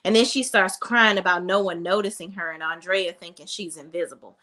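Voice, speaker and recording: Blunt, bright-voiced woman reviewer. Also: fairly low pitch, steady tone, brisk, few pauses. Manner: blunt, profane, talks straight at the viewer. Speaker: reality TV reviewer. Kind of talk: casual review rant.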